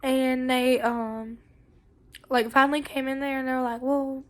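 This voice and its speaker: A young woman, chatting casually to camera, her voice hoarse and winded from bronchitis. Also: sits high, steady tone. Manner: chatty, storytelling, quick asides. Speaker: vlogger.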